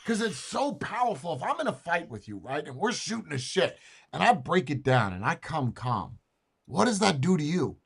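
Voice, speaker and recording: A man's voice: fairly high pitch, very animated, normal speed, gravelly, a bit bright, husky. A man hosting a show, reacting to a clip with casual, emphatic, slangy commentary.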